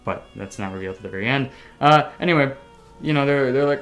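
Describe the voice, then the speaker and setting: A man hosting a casual podcast, telling a story excitably with sound effects and the odd swear word. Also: mid-range voice, fast, soft background music. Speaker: podcast host.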